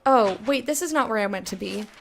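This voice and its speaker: An American woman streaming a game, chatting casually with her viewers, self-mocking and quick to laugh. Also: fairly high pitch, expressive, creaky, soft background music. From United States. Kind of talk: casual gameplay commentary, reading chat.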